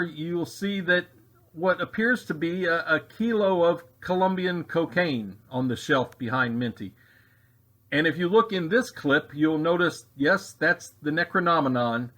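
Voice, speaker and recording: Man, comedy narrator, deadpan mock documentary, slightly high voice, rambling asides. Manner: mock-serious, digressive asides.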